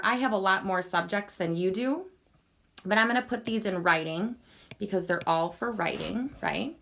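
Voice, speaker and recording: A woman's voice: fairly low pitch, creaky. A woman teacher giving a recorded online lesson, explaining each step patiently and checking in with her students again and again. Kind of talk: recorded e-learning lesson over a screen walkthrough.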